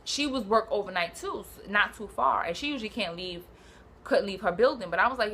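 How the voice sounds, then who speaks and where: A young woman from Brooklyn, telling a personal story in a casual, animated, slangy way and acting out what people said. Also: medium pitch, a little fast, slight background noise. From Brooklyn, New York. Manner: animated, swearing, slangy, acts out quotes.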